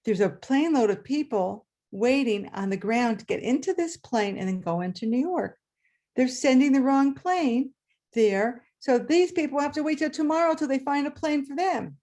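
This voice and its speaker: A woman storyteller quoting a sympathetic flight attendant speaking slowly and confidingly. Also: high-pitched, animated, mellow, voice pushed up.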